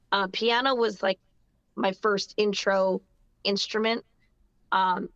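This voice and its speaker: A woman's voice: medium pitch, a bit bright, no echo. Chatty New Jersey woman guest, slightly muffled. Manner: chatty, upbeat, many fillers and restarts. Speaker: guest singer-songwriter. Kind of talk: casual interview chat.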